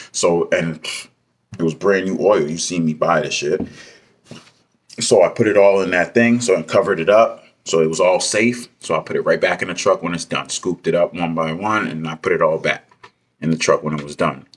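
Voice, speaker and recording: A truck driver telling a story in a casual vlog, ranting with heated, profane language. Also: male voice, low-pitched, fairly bright tone, breathy edge.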